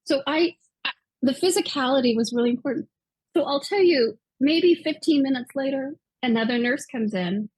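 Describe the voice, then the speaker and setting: A woman's voice: sits high, normal speed, a little mellow, no room sound, rough recording. A woman in her fifties, a guest author, earnestly retelling a personal story with quoted dialogue. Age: 50s.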